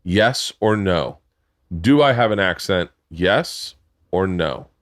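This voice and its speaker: A man's voice: sits low, expressive, slow pace, a bit bright, no echo, studio quality. A man, a husband and dad, chatting and teasing in a casual family podcast talk at home. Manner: playful, teasing, builds up questions. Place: home room, man cave.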